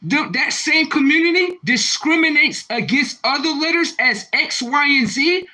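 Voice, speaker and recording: A young man on a live stream, reacting to viewer comments in a confrontational, repetitive rant with loud outbursts. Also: extremely high pitch, animated, normal speed, low-quality recording. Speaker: livestreamer.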